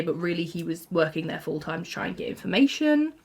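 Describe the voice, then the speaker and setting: A woman's voice: on the low side, big pitch swings, a little fast, gravelly, breathy edge. A young woman in her twenties, rambling through casual TV fan commentary with frequent "like"s and laughs. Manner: rambling, lots of 'like', laughs often. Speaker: YouTuber.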